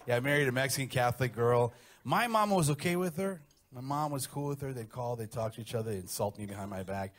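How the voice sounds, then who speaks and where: A middle-aged man doing a stand-up set with brash, profane, animated storytelling. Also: mid-range voice, fairly quick, long pauses. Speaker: stand-up comedian.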